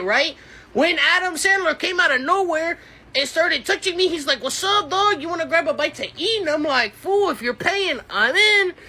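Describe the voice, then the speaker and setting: A woman acting in a comedy skit, loud and slangy with streetwise banter. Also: sits high.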